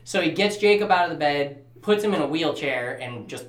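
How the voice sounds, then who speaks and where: Animated man recapping a movie. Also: a little high, brisk, a little hiss or hum. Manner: animated retelling, acts out quoted lines. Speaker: podcast co-host. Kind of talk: casual movie recap chat. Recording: echoey room.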